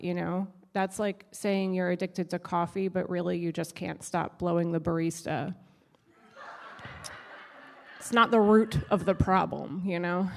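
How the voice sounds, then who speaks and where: A woman's voice: medium pitch, creaky, in a large hall. Wry woman doing stand-up. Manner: wry, self-deprecating, punchy. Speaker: stand-up comedian. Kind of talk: stand-up set. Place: stage of a live show.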